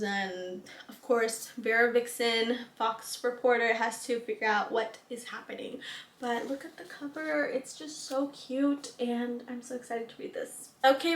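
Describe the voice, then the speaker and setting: Young female book vlogger, chatty and gushing, slightly high voice, echoey room. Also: fairly bright tone. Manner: chatty, filler-heavy, gushing. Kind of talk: casual book haul chat.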